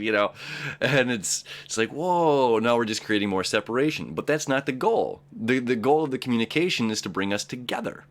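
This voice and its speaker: A man's voice: medium pitch, expressive, brisk. A man hosting a daily astrology talk, earnest and encouraging, who repeats and restarts words and keeps checking in with "right?" and "okay?". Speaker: astrology show host. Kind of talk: casual daily horoscope talk.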